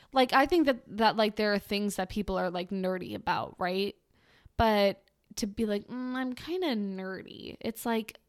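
A young woman hosting a podcast, reading dating profiles aloud and mocking them with a sarcastic, wry delivery. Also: medium pitch. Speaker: podcast host. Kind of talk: casual podcast commentary.

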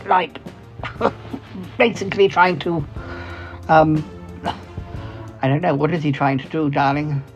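A man's voice: a little high, steady tone, slow pace, long pauses. A man voicing Bettina, a gushing, affectionate woman who calls everyone darling, in a comedy sketch. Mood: doting. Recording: dull lo-fi sound, faint music.

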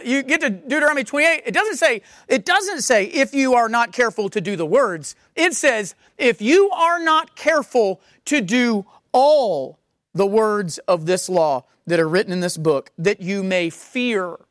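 A woman preaching a sermon, reading scripture slowly and repeating key words for emphasis. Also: mid-range voice, a bit bright, dry recording, studio quality.

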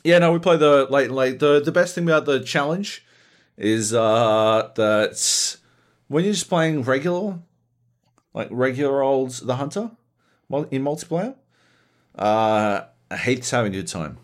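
A man co-hosting a casual gaming podcast, telling profane, animated stories about multiplayer sessions. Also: medium pitch, unhurried. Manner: profane, animated storytelling with lively put-on voices. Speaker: podcast co-host.

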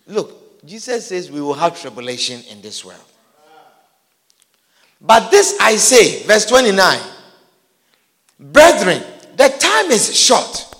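A man preaches with a very high, bright voice that swoops up and down as he hammers the same phrases and breaks into shouts. He takes it slow and deliberate. His voice rings with a long reverb. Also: big pitch swings. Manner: emphatic, repetitive, often shouting. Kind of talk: sermon.

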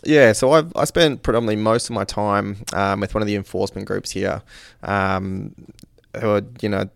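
Australian male officer, gravelly and lowish, loose rambling talker, dry close mic. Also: fairly even intonation, normal speed, no echo. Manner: loose, rambling, heavy fillers. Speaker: visiting police officer. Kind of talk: casual interview.

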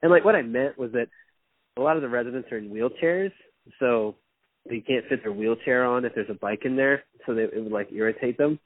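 A young man chats as a podcast guest, spinning loose, profanity-laced stories and laughing often. His voice is a bit husky. It comes through a narrow, phone-like line with a dry sound. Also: medium pitch, fairly quick, no echo. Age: young adult. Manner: rambling storyteller, swears freely, laughs often. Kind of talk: casual chat.

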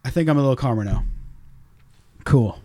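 A man hosting a podcast, swearing freely in a ranting, animated casual chat. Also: medium pitch, brisk. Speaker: podcast host.

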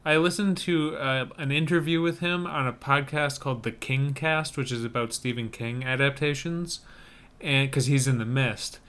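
A man's voice: mid-range voice, normal speed, a bit bright, clean tone. A man co-hosting a casual podcast, chatting about movie trailers with wry, joking banter. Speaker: podcast co-host.

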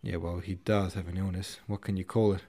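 A man's voice: deep voice, flat delivery, a little fast, mellow, close to an everyday voice. A man voicing a hot-headed cavalry officer who speaks with a lisp. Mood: rough.

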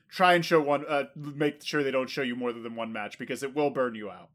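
A man's voice: mid-range voice, fairly even intonation, a little fast. A man co-hosting a casual podcast, giving rambling, laid-back advice with plenty of fillers. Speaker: podcast co-host. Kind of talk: casual chat.

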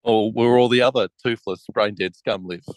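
A man's voice: fairly low pitch, fairly even intonation, normal speed, no echo, poor audio. A man hosting a casual podcast chat over a remote call, asking questions in a wry, mock-serious way. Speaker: podcast host.

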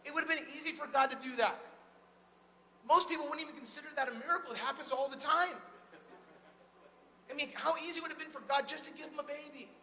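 A male pastor preaching an energetic sermon in a church, calling out to the congregation and retelling scripture in a casual, conversational way. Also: very high voice, quick pace, long pauses. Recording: long hall reverb.

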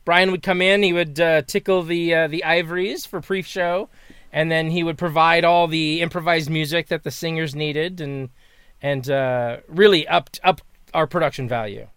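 A man co-hosting a casual chat, rambling with many restarts and dropping deadpan jokes over a video call. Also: a little high, moderate pace, clear, resonant tone, dry recording, studio quality. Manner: rambling, self-interrupting, playful deadpan jokes. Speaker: guest co-host.

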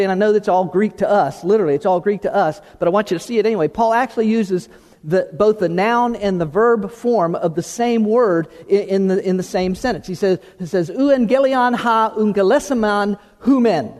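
A man preaching a sermon, emphatic, often restarting words and slowing down on key terms. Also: high-pitched, a little mellow. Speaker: pastor. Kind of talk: sermon with opening prayer. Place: church sanctuary. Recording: long hall reverb.

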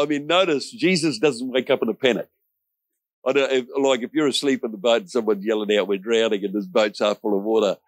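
A man's voice: medium pitch, dry recording. A middle-aged pastor delivers a sermon, earnest and emphatic, slipping in folksy asides. His voice sits in a middle register and is recorded dry and close, with no room sound.

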